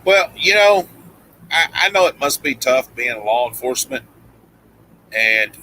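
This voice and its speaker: A man's voice: mid-range voice, expressive, measured pace, sharp tone, slight background noise, rough recording. A middle-aged man with a Tennessee country accent, chatting casually on a live stream and rambling through fillers and restarts. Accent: Southern US, Tennessee. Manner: rambling, frequent "you know" fillers and restarts. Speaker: livestream host.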